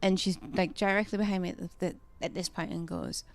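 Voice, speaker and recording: A woman's voice: fairly low pitch, a little fast, gravelly. Chatty woman gaming. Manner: chatty, indignant storyteller. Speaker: gamer. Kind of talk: casual chat while playing a game.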